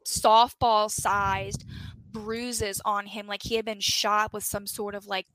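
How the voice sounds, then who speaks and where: A young woman co-hosting a casual true-crime podcast, telling the story with animated energy, frequent swearing and acted-out quotes. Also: mid-range voice, slow, no room sound, rough recording. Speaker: podcast co-host.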